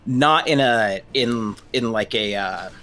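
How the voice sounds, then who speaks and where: A man's voice: medium pitch, slow pace, bright, forceful tone, faint music behind. A man in his thirties, a therapist, talking casually and hesitantly with many restarts. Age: 30s. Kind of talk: casual discussion.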